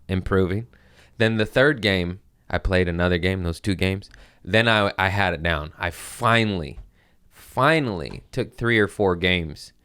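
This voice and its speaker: A man's voice: low voice, a bit bright, clean tone, no echo, clean studio sound. A man in his thirties hosting a podcast, telling stories in a profane, rambling casual chat. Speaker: podcast host, comedian.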